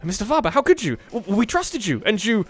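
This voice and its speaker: A man's voice: high-pitched, sing-song, fast talker, faint music behind, pitched above the performer's own voice. A man voicing the lines of an earnest, loyal young girl from a video game, in a pleading way.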